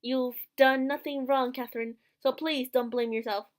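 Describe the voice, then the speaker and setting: A woman reading out the lines of a gentle, resigned young man in a visual novel, in a soft, earnest way. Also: high voice, fairly even intonation, normal speed, close to an everyday voice. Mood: tender.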